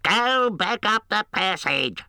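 A man voicing a band of shouting armoured goblins, yelling high and strained. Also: sing-song, slow pace, no echo, clean studio sound, exaggerated voice. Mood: frantic.

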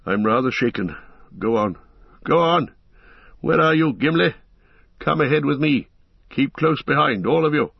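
Man voicing an urgent old wizard for an audiobook, husky and raised, muffled lo-fi sound. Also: a little high, moderate pace, dry recording, voice pushed up. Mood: shaken, urgent. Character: commanding old male wizard, urgent and fierce.

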